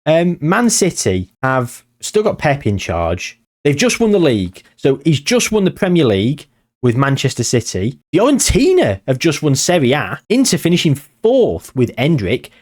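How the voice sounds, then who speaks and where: Sarcastic man, lively pitch. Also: normal speed. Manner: sarcastic, swears freely, jumps between topics. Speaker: gaming YouTuber. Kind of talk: casual game commentary.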